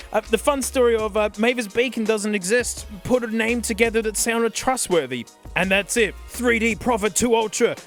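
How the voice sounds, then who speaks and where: A young Australian man hosting his channel, giving excitable, jokey nostalgic commentary and laughing often. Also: high voice. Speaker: YouTube host.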